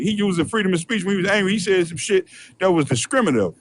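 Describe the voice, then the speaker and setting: A man's voice: high voice, lively intonation, quick pace, a little hiss or hum. A man hosting a show, delivering a heated, profane rant full of repetition. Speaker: host. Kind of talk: profane ranting commentary.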